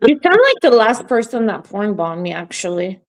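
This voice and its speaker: A woman's voice: medium pitch, sing-song, moderate pace. Joking woman co-host in casual chat.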